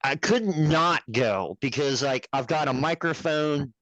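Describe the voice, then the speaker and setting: A man's voice: fairly high pitch, a little slow, fairly bright tone, no echo, rough recording. A man who produces a puppet show, telling stories as a podcast guest in a rambling, profane, laughing way. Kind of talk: casual storytelling chat.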